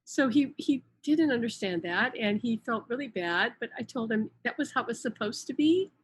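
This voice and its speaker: A middle-aged woman talking casually on a live stream, retelling events in an animated way with many restarts and quoted dialogue. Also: on the high side, moderate pace, slight background noise. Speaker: host, spiritual channel.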